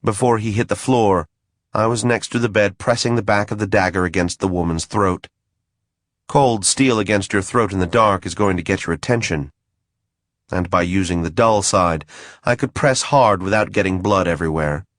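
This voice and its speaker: A man's voice: fairly low pitch, normal speed, fairly bright tone, no echo. A man reading a first-person fantasy audiobook in a dry, wry manner. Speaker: audiobook narrator.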